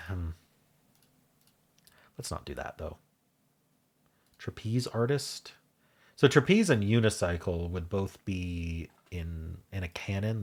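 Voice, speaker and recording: A man with a deep voice and a touch of husk hosts a casual puzzle stream. He thinks out loud, wandering between guesses and doubting himself. He speaks close to a desk mic in a quiet home room. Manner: thinks aloud, musing and unsure. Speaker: puzzle video host. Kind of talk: casual solo puzzle commentary.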